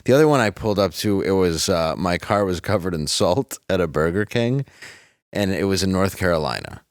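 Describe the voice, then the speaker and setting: A man's voice: low voice, a little fast, clear, resonant tone, no room sound, clean studio sound. A man co-hosting a casual comedy podcast, telling anecdotes and acting out the people in them. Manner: animated storyteller, acts out quoted people. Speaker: podcast co-host.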